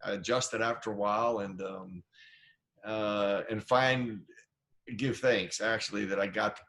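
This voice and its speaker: A middle-aged man from Idaho, USA, with a lowish, steady, fairly bright voice speaks at a measured pace. A former football player guesting on an interview show, he spins stories from his playing days. He talks casually and animatedly, slipping into the voices of people he quotes.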